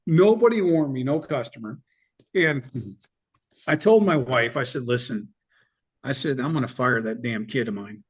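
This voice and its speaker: A middle-aged man telling his business story in an interview, in a blunt, animated way with some swearing. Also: medium pitch, normal speed, pauses often, breathy edge. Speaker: business owner guest.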